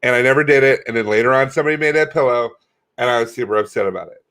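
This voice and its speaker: A man's voice: mid-range voice, rapid-fire, a bit bright. A man co-hosting a comedy podcast, chatting casually in a rambling, joking way with plenty of swearing. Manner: rambling, swears, laughs often. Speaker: podcast co-host.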